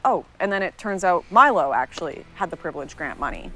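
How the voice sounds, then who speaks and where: A woman's voice: lowish voice, sing-song, brisk, few pauses, a bit bright, faint music behind. A woman earnestly narrating a personal story in a scripted, recounting way.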